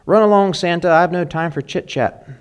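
A man's voice: sits high, normal speed, clean tone, pitched above the performer's own voice, lightly acted. A man voicing a tired, grumbling mother while reading a Christmas poem aloud. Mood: exasperated. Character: weary, tired mother, middle-aged woman.

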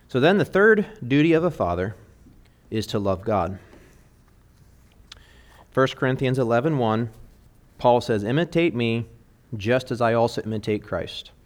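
Speaking to fathers, a middle-aged preacher uses an animated, mid-range voice at a moderate pace, leaving long pauses. His earnest, emphatic sermon carries strong conviction and includes quoted song lyrics.

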